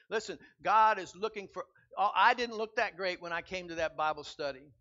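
A man preaching a sermon as pastor, building from quiet reflection to loud, emphatic repetition. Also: sits high, normal speed, few pauses. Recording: dull lo-fi sound.

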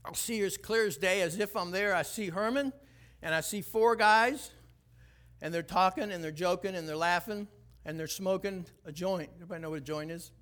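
A man preaching a sermon, telling a personal story with animated shifts between hushed, tense passages and rising emphasis. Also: fairly quick. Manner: animated storytelling, drops low and quiet for tense moments, then rises and preaches. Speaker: pastor.

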